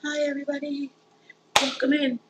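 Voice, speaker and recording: A woman's voice: high voice, moderate pace, far from the mic, rough recording. A woman hosting a live home cooking stream, chatting casually with her viewers as she cooks. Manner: chatty, animated, talks straight to viewers. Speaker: cooking channel host. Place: home kitchen.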